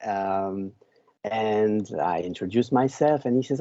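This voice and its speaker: Guy telling a story on a podcast, lowish mellow voice, repeats words a lot, dull lo-fi sound. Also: no room sound. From Belgium. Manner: unhurried, repeats words as he searches for them. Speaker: podcast guest, book author.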